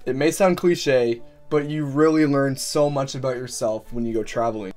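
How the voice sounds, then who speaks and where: A man's voice: medium pitch, darkish tone. A young man from Canada narrating his own travel story in a scripted, earnest and upbeat voice-over. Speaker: vlogger.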